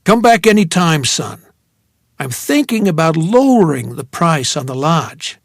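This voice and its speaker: A man's voice: a little high, very animated, measured pace, no echo, clean studio sound, full character voice. A man doing a folksy Maine shopkeeper. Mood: jovial. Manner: folksy, jovial. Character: genial middle-aged male shopkeeper, easy grin.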